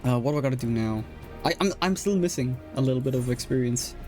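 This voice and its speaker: A man's voice: mid-range voice, animated, fast talker, a little mellow, soft background music. A young man with an Irish accent chatting casually while streaming a game, rambling with lots of fillers, restarts and laughs. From Ireland. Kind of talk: casual chat while gaming.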